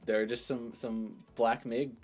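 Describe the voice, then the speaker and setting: A man's voice: medium pitch, level tone, unhurried, a little mellow, soft background music. A man co-hosting a casual tech chat, throwing in wisecracks. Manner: wisecracking, laughs between lines. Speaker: podcast co-host.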